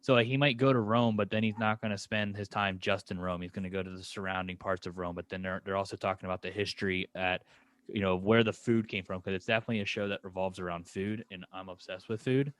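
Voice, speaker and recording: A man's voice: low voice, fairly even intonation, fast talker, a bit bright, no echo. A man co-hosting a podcast, rambling casually through a show review and laughing often. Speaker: podcast co-host.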